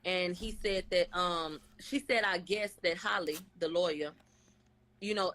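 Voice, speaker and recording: Her voice is on the low side and a bit bright. A vlogger recapping a court case live, she keeps it casual, blunt, slangy, and profane, reeling off people's statements and acting out their testimony in different voices.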